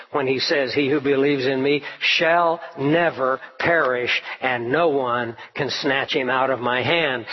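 A man preaching an expository Bible sermon in a steady teaching voice, clearing his throat now and then. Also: mid-range voice. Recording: dull lo-fi recording.

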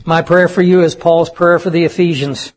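A man's voice: a little high, fairly even intonation, normal speed. A man preaching a sermon to young people, emphatic and asking the audience questions. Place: church service with audience.

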